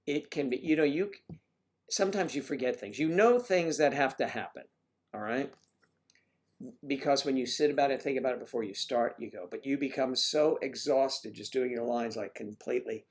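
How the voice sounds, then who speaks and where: A man hosts a casual livestream, talking straight to his viewers. He rambles and trails off into asides. His voice sits at an ordinary middle pitch. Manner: rambling, chatty, full of asides. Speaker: livestream host. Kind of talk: casual chat.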